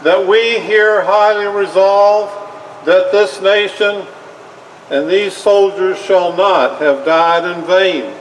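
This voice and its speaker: A man portraying a solemn nineteenth-century American president, giving a slow, measured, formal oration at an outdoor parade. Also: sits high, distant mic, a little hiss or hum, rough recording. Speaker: historical reenactor. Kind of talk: reenacted historical speech.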